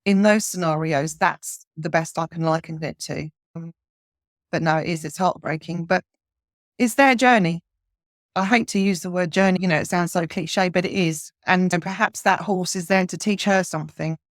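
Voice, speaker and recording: Guest interviewee: woman, lowish voice, earnest and halting, dry close mic. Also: no echo. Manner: earnest, frequent restarts and ums. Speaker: horse communicator guest. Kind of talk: casual interview chat.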